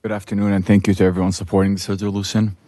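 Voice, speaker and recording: A man giving grave, measured public testimony at a county committee hearing. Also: lowish voice, level tone, mellow. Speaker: public commenter.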